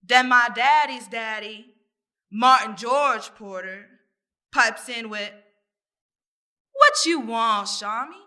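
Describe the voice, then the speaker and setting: A woman performs her spoken-word poem in a high, very bright and sharp voice. She takes it slowly and deliberately, leaning on rhythm and repetition. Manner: rhythmic, deliberate, repeating phrases. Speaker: poet.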